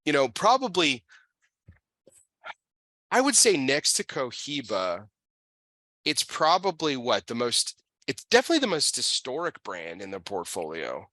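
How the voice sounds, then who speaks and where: A man's voice: medium pitch, wildly swooping pitch, measured pace, pauses often, pushed and bright, dry recording. A man hosting a casual talk show, chatting loosely with many fillers and restarts. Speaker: podcast host. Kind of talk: casual chat.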